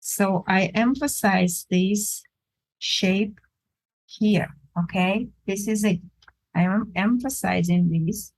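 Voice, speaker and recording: A woman art instructor giving a drawing demonstration, pausing often to search for words and thinking aloud as she works. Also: mid-range voice, darkish tone, poor audio.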